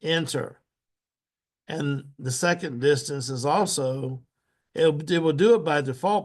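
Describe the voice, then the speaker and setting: A man teaching a step-by-step software tutorial. He repeats each step aloud patiently and keeps clearing his throat. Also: fairly high pitch, unhurried. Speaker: instructor.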